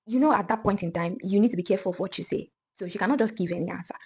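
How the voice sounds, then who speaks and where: A woman retelling a folk tale in a lively, conversational way, with asides to the listener. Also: medium pitch, racing, noisy background. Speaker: storyteller. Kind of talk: casual storytelling.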